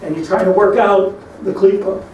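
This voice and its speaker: A middle-aged rabbi with a fairly high voice preaches a storytelling sermon, dropping Hebrew terms into his English and building to emphatic peaks. He sounds set back from the mic in a roomy, echoing space, with a faint hum of ambience behind him. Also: fairly even intonation, moderate pace, darkish tone, lo-fi sound. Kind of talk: sermon on lamentations. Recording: echoey room, mic at a distance, faint ambience.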